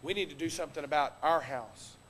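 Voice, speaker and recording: A man preaching a sermon from the pulpit, impassioned, swinging between loud exhortation and hushed earnest tones. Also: on the high side, a little fast, a little hiss or hum. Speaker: pastor. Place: church sanctuary. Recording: long reverb of a church hall.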